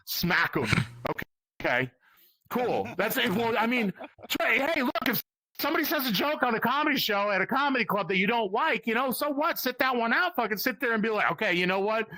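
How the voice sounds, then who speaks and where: A man's voice: very high voice, expressive, brisk, pushed and bright, no echo. A man doing a crude, rambling stand-up comedy set, often laughing at his own jokes. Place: virtual comedy club stage.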